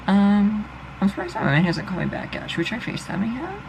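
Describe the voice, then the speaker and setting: A man's voice: high voice, huge pitch swings, quick pace, gravelly, background noise. A young man vlogging, delivering a rambling, profane and exasperated monologue. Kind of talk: casual ranting monologue.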